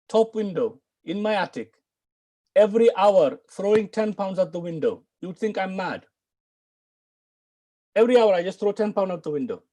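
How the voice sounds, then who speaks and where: British guy teaching a lesson, high-ish voice but mellow and dark, stresses every key word. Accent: British English. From United Kingdom. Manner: emphatic, repeats key words for learners to follow. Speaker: Arabic and Quran teacher. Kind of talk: live online lesson.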